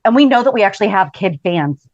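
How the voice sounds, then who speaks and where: A woman hosting a fan podcast, chatty and quick with her agreements. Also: medium pitch, expressive, a little mellow, highs cut off. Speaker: podcast host. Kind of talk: casual interview chat.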